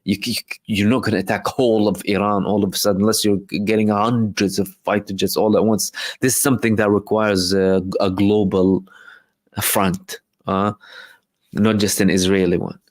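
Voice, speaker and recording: A man's voice: lowish voice, flat delivery, normal speed, no room sound. A man hosting a live stream, reading out viewer questions and answering them in a loose explanatory way, with frequent fillers and restarts. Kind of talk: casual live commentary reading chat questions.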